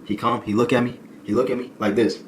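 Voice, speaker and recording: A young adult man with a mid-range voice streams a comedic storytime at a quick pace, with slight background noise. His delivery is animated and slangy, peppered with "boy" and "folk."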